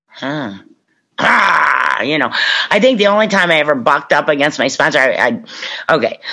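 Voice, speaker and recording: A woman from Kentucky giving a personal recovery talk, telling stories with lively acted-out dialogue. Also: very deep voice. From Kentucky, USA. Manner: animated storytelling, acts out quoted voices. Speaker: speaker at a recovery convention. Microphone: online talk.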